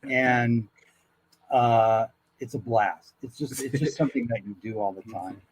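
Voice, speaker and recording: A man's voice: medium pitch, unhurried, slightly rough, poor audio. A man guesting as a voice actor, chatting casually in a loose storytelling way. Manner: loose, storytelling, with fillers and restarts. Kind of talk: casual interview chat.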